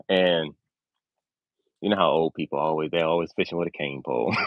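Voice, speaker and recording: A man's voice: low voice, very animated, a little slow, sharp tone, no room sound. A man as a guest on a casual remote interview, laid-back and hesitant, often repeating himself.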